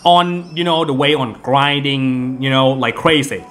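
A man's voice: medium pitch, steady tone, unhurried, a bit bright. A man giving casual, rambling commentary over gameplay, full of fillers and restarts, with game music behind him. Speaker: gaming video host.

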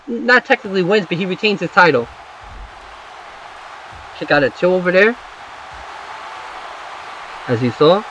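A man with a high, bright voice calls a wrestling video game in a frantic, rambling rush, cursing and yelping when a big move lands. A loud game crowd and a hiss of noise sit behind him. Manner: frantic, rambling, swears, yelps at big moves. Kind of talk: excited play-by-play game commentary. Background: wrestling game crowd audio.

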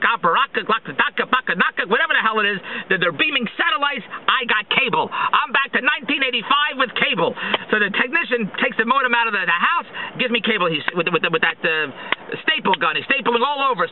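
A man vlogging a sarcastic, exasperated rant as he complains at length. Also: high voice. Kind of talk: ranting monologue. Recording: tinny phone-like recording, faint noise.

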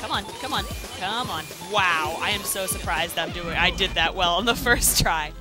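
A woman giving goofy, joking commentary while playing a video game, exclaiming loudly at what happens on screen. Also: fairly low pitch, normal speed. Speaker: let's play commentator. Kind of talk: casual gameplay commentary. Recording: game music playing behind.

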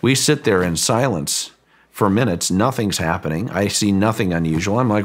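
A man being interviewed who recounts a story in a halting way and often repeats words as he goes. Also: fairly low pitch. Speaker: guest, ranch owner recounting a story.

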